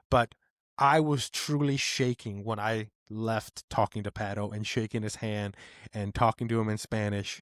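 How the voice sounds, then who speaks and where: Excitable man telling a story. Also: medium pitch, no room sound, studio quality. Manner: excitable storytelling, voice rises when animated. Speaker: podcast co-host. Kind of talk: casual chat.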